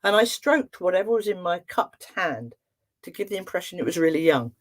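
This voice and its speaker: A middle-aged woman speaks as a therapist addressing an online audience. She tells stories in a chatty, humorous and expressive way, and her pitch swings widely and animatedly. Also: a little fast. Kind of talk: storytelling talk to an online audience.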